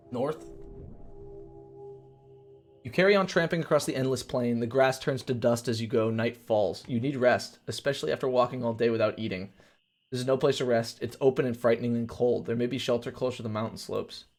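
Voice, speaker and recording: A man reading a gamebook aloud on a live stream, mixing steady narration with casual, crude asides. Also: mid-range voice. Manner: casual and crude, reads narration then chats.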